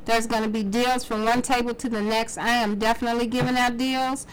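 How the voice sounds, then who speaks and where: A woman's voice: fairly high pitch, flat delivery, a little fast, a little hiss or hum, poor audio. A woman entrepreneur, a guest on a sports talk show, talking up her upcoming event in a chatty, sassy way. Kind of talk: casual interview.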